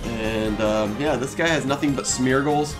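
With faint game music behind him, an excitable young man delivers video game commentary as a let's play host. His pitch is mid-range for a man, and he reacts aloud, talking to the game characters with quick exclamations.

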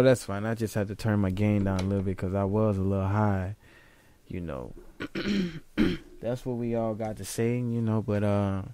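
A relaxed young man with a Southern US accent co-hosts a casual podcast chat. He tells stories in easygoing slang. His voice sits a little low. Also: clean tone. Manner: laid-back, slangy storytelling. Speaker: podcast co-host.

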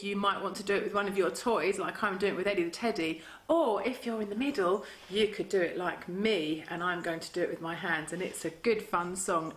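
Cheerful British woman singing and talking to toddlers; very animated pitch, echoey room. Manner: bright sing-song, playful, exaggerated high exclamations. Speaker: children's music class leader.

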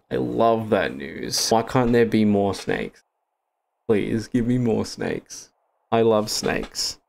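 Jittery Australian man, low voice. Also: vocal fry. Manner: jittery, swearing, nervous laughter. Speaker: streamer. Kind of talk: gaming commentary.

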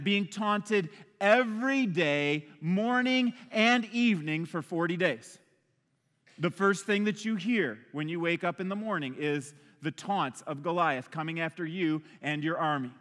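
A male pastor delivers an energetic, conversational sermon from a church stage. His voice is high and bright. A long reverb trails after his words in the hall.

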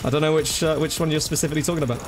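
A man's voice: a little high, steady tone, racing, faint music behind. Chatty male streamer. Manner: chatty, thanks viewers by name, calls them bro and dude. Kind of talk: casual live-stream gaming commentary.

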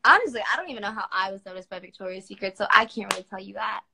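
A woman's voice: mid-range voice, lively intonation, very fast, vocal fry, sharp tone, slightly rough, poor audio. A woman in her twenties from Washington, D.C., chatting casually on a phone livestream and answering viewers' comments at home. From Washington, D.C., United States. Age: 20s. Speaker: model answering fans on a livestream.

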